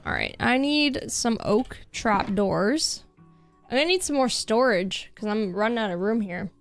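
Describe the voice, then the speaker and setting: A Canadian woman streams a game, chatting casually with viewers, reading their messages aloud and laughing easily. Her voice is on the high side, animated and a little slow, with faint music in the background.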